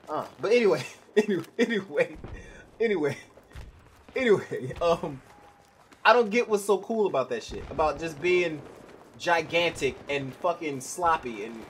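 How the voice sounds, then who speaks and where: A man's voice: on the high side, a bit bright, slight background noise. Profane ranting young man gaming. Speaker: gamer commentating his own gameplay. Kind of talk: live gameplay commentary rant.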